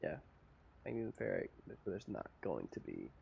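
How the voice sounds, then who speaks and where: A man's voice: sits low, wildly swooping pitch, normal speed, creaky, highs cut off, a little hiss or hum. An American man streaming a game, muttering to himself and chatting with viewers. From United States. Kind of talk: casual gameplay commentary.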